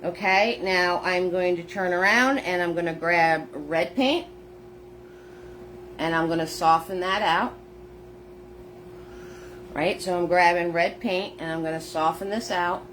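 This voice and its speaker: A woman's voice: lowish voice, fairly even intonation, unhurried, long pauses, a bit bright, a little hiss or hum. A woman teaching a live painting lesson, narrating each step in a chatty way. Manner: chatty, step-by-step narration, greets viewers by name. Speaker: painting instructor. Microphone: phone.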